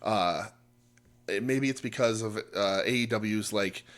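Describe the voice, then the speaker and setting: A man's voice: fairly low pitch, unhurried, fairly bright tone. A man co-hosting a wrestling podcast, chatting casually and rambling with lots of fillers and restarts. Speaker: podcast co-host.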